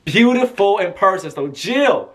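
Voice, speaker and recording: A young man telling a casual story to camera as a vlogger, animated and chatty, acting out what people said. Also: sits high, a little slow. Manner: animated, chatty, acts out quotes in a raised voice. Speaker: vlogger and press escort.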